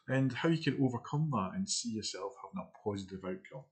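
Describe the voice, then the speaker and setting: A middle-aged man co-hosting a casual live chat show, chatty and quick to laugh. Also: fairly low pitch, expressive. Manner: chatty, laughs often, reads out quotes.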